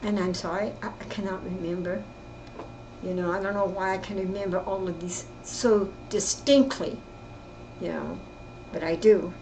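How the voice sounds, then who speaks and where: An older woman telling her own story in casual, rambling speech, often halting and repeating herself. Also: medium pitch, steady tone, a little mellow, a little hiss or hum, poor audio. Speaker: interviewee recounting her life. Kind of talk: casual spoken reminiscence.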